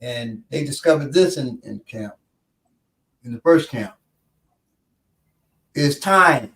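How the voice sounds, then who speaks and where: A man's voice: medium pitch, lively intonation, slow, a bit bright, recorded from a distance. A man hosting a casual quiz chat, telling stories and laughing often. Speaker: podcast instructor.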